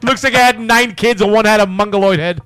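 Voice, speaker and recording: A high, bright-voiced man cohosting a loose, crude podcast. He spins long anecdotes with lively impressions of people, talking fast and loose. His voice sits well above most men's and has a bright ring to it. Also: clean tone. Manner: animated storyteller, mimics voices. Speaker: podcast co-host. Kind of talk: casual crude banter.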